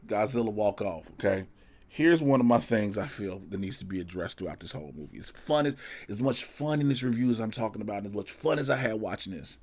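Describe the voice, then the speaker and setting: A man giving a casual movie review in animated, profane, slangy talk. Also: on the low side, quick pace.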